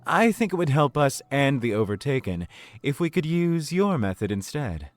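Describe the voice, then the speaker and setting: A man voicing a polite, flirtatious male town official in a video game, smooth and persuasive. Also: medium pitch, very animated, moderate pace, natural voice. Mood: courteous.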